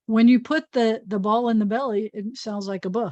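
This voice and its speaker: A woman's voice: fairly high pitch, steady tone, a little fast, dark tone, no echo, dull audio. A woman rabbi giving an informal Hebrew reading lesson, patiently sounding out letters and syllables with a playful touch.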